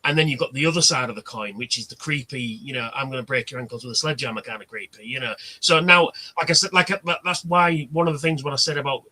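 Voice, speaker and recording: This is a man telling stories on a casual livestream. His voice sits a touch high, bright and husky. He acts out the quoted lines as he talks. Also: fast, few pauses. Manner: chatty storyteller, acts out quoted exchanges. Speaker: livestream host. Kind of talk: casual chat.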